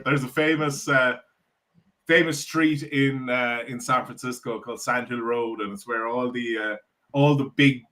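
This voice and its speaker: An Irish man talking as a podcast guest, an animated storyteller who swears casually and restarts his sentences often. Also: medium pitch. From Ireland. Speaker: venture capital guest.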